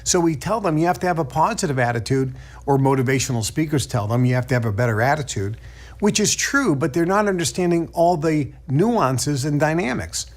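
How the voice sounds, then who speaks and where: A man's voice: a little high, expressive, a little fast. A middle-aged man giving a motivational teaching talk, emphatic, acting out quoted self-talk in a raised voice. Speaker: teacher of a book study.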